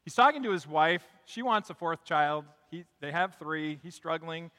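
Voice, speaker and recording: Pastor guy, fairly high and bright, chatty and upbeat, church hall with a long echo. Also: animated, normal speed. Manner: conversational, upbeat, tells jokes and stories. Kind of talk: sermon. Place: church sanctuary.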